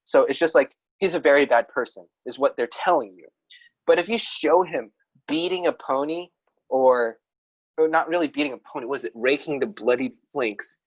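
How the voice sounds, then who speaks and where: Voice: mid-range voice, moderate pace, slightly rough, highs cut off. A podcast co-host chatting casually about writing, rambling, restarting sentences and laughing at themself.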